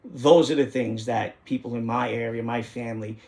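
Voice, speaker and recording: A man's voice: mid-range voice, fairly even intonation, normal speed, gravelly, a little mellow. A middle-aged man, hosting a casual monologue in an indignant, rambling way that repeats phrases for emphasis. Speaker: host.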